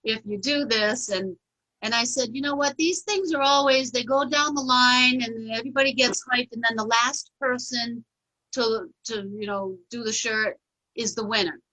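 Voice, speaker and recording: A middle-aged woman comedian telling a funny story in a lively, laughing group chat. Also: fairly high pitch, normal speed, low-quality recording. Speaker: comedian guest.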